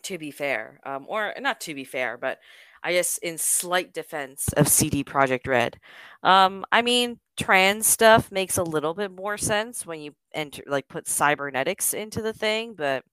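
A woman co-hosts a podcast and cuts in with wry, teasing comments. Her voice is bright and clear and moves a lot in pitch. The sound is dry and close-miked. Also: lively intonation, unhurried, dry recording, poor audio. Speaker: podcast co-host. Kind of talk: casual chat.

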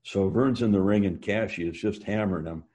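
Deep, dark-toned man telling stories. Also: brisk. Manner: rambling anecdotes with frequent fillers and restarts. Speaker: interview guest. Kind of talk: storytelling in a casual interview.

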